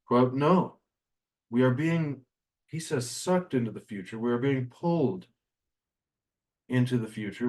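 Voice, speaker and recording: A man giving a spiritual lesson in a slow, musing way, often trailing off into quiet asides. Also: mid-range voice, rough recording. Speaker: spiritual teacher. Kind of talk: reflective spoken lesson.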